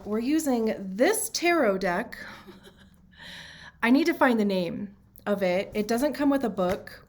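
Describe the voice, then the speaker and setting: Slow-talking stuffy-nosed woman reading tarot. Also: medium pitch, a little mellow, slight background noise. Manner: chatty, with frequent fillers and self-interruptions. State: stuffy nose. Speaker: tarot reader. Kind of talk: casual tarot reading vlog.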